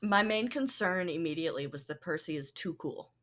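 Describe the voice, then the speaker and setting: A woman's voice: lowish voice, expressive, brisk, a bit bright. A woman who is a guest on a podcast, talking in casual chat with a wry, exasperated manner.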